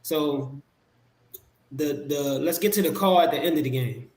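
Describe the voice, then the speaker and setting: Chill guy breaking down a game, bit high voice, echoey room sound. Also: unhurried. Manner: relaxed, laid-back, many fillers and restarts. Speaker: podcast guest, Sixers fan. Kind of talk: casual sports talk.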